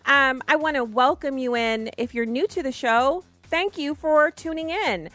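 A woman hosting a talk radio show, her voice scratchy and hoarse, chatting enthusiastically with fillers. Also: high voice, unhurried, a bit bright, dry recording, faint music behind. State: scratchy voice from yelling the day before. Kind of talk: casual talk radio monologue.

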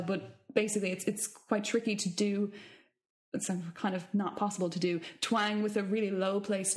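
Woman, vocal coach, mid-pitched, explanatory and chatty. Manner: explanatory, thinking aloud with restarts. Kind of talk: casual podcast chat.

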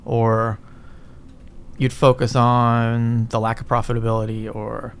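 With a medium-pitched, monotone voice, this middle-aged business guest takes his time in an interview. His casual, meandering answers are peppered with swearing and tagged with "right?", over a little background noise.

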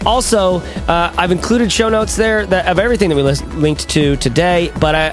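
A man hosting a podcast in casual chat, animated and rambling with restarts. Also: sits high, moderate pace, soft background music. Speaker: podcast host.

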